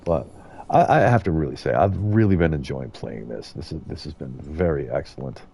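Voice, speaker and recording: A man's voice: a bass voice, animated, a little fast, gravelly, mellow, husky. A middle-aged man from the United States giving rambling, casual commentary as he streams a game and chats to viewers. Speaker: gaming streamer.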